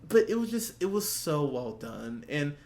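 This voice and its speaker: A man's voice: on the high side, sing-song, moderate pace, a little mellow. A young man co-hosting a movie podcast, gushing in casual chat, swearing often and laughing. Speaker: podcast co-host. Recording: faint background noise.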